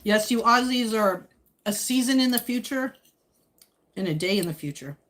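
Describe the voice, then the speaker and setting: A woman hosting a casual live stream, answering viewer comments in a chatty, teasing way, with a slightly husky voice. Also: on the high side, lively intonation, moderate pace, fairly bright tone. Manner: speaks while eating. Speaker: livestream host chatting with viewers.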